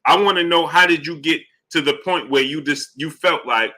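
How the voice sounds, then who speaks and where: Bright-voiced man hosting a live stream. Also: on the high side, moderate pace, few pauses. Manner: shouts out chat names between points, rising emphatic questions. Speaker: boxing channel host.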